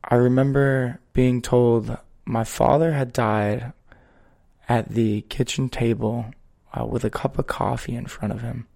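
Male podcast host, unhurried and earnest delivery, gravelly low edge in the voice, mid-range pitch. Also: fairly even intonation, darkish tone. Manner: slow, measured, earnest storytelling. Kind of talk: reflective podcast conversation.

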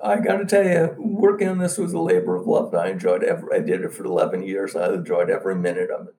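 A man, a guest author, telling anecdotes in an interview and acting out the quotes as an animated storyteller. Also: low voice, quick pace, far from the mic.

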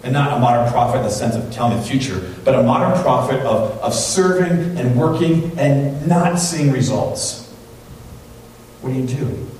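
A man preaching a sermon in a church, talking in a conversational, animated way and acting out the people in his stories. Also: mid-range voice, moderate pace, distant mic, a little hiss or hum. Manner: conversational, animated storytelling with quoted voices. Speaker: pastor. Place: church sanctuary. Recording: very echoey hall, voice from off-mic.

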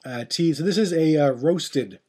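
A man's voice: fairly high pitch, normal speed, background noise. A middle-aged man hosting a podcast in casual chat, rambling and joking as he goes. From Ireland. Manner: rambling, jokey, animated. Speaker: podcast host.

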